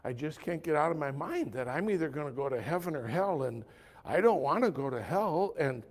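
A preacher retelling a halting, anxious woman. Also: deep voice, expressive, a little mellow, in a large hall, pitched below the performer's own voice. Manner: halting, stumbling restarts. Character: anxious adult woman asking about heaven.

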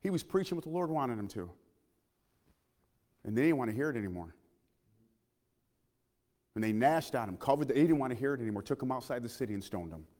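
A man preaching a sermon in a church, impassioned, swinging from loud calls to hushed asides and asking his listeners questions. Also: mid-range voice, animated, fast, long pauses, big-room sound.

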